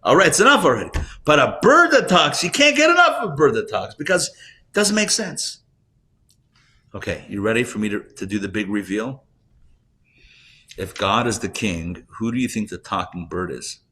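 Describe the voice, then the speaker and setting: A man, a rabbi, teaching a live class and telling jokes, talking in a conversational way, asking the audience questions and getting loud and animated when he makes a point. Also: fairly low pitch, moderate pace. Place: classroom or synagogue hall, recorded live.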